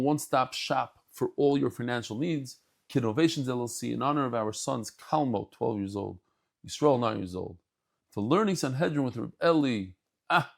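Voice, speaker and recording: A man teaching a daily Talmud class, animated and joking, acting out the dialogue as he goes. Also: medium pitch, vocal fry. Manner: animated, jokey asides, acts out dialogue.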